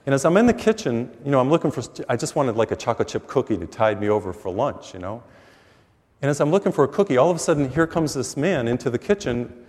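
A priest preaches to his congregation with lively energy, slipping into the voices of the people in his stories. His mid-pitched voice carries a long reverb from the church hall where he is being taped for TV. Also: quick pace. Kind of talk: sermon with storytelling.

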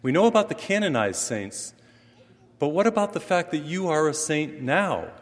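Middle-aged priest preaching in an echoing hall. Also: male voice, on the high side, moderate pace. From western Massachusetts. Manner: animated preaching with rising emphasis and humorous asides. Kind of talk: sermon. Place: church. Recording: long reverb from a large hall.

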